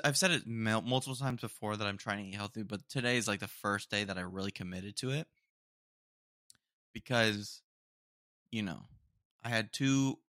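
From a room at home, a young man hosts his podcast alone, chatting casually and peppering it with "dude." His lowish voice sounds pushed and bright, recorded cleanly with no echo.

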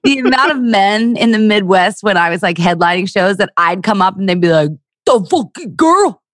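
A woman's voice: mid-range voice, fairly quick, a bit bright, no room sound, clean studio sound. A young woman from the Philadelphia area, a stand-up comedian talking casually on a podcast, telling stories with crude jokes and acted-out voices.

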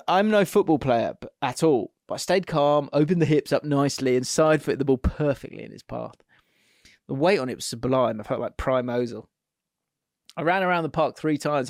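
A man's voice: a little high, darkish tone, no room sound, studio quality. Laughing man reading messages. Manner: laughs often, reads listener messages aloud. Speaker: podcast co-host. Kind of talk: casual chat.

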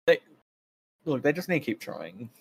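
A man's voice: mid-range voice, sing-song, normal speed, breathy edge. A young man co-hosting a casual comedy podcast, making wry, swearing jokes as he recaps a show. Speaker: podcast co-host.

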